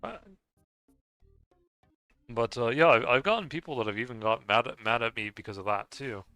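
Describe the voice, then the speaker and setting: A man from the United States, a gaming streamer, chatting casually while he plays, rambling and halting with many restarts and soft chuckles. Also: mid-range voice, clear, resonant tone, no echo, soft background music. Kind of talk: casual chat while playing a game.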